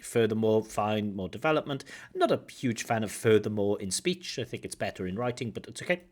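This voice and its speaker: A man with a lively, animated pitch talks as an examiner and teacher. He explains each point of a recorded speaking test, pausing often to comment on grammar and pronunciation. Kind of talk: spoken exam feedback.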